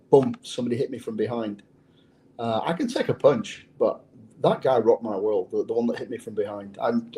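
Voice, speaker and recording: A man's voice: mid-range voice, mellow, slight background noise, poor audio. An English man who is a former undercover police officer, telling a story in an interview in a blunt, profane way. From England.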